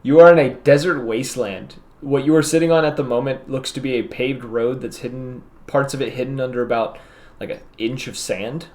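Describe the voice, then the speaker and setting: Male game master, mid-pitched, describes scenes in a halting, filler-laden way. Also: fairly even intonation, darkish tone. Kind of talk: narrating a tabletop game.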